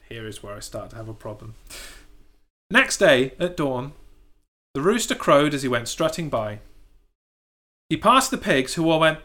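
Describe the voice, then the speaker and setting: A man's voice: medium pitch, expressive, moderate pace, pauses often, bright, forceful tone. A man reading a children's picture book aloud for laughs, with sarcastic, sweary asides. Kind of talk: comic read-aloud with commentary.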